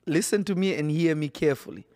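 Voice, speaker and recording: A man's voice: a little high, fast, a little mellow. A man preaching a sermon in an emphatic, insistent way, often repeating his phrases.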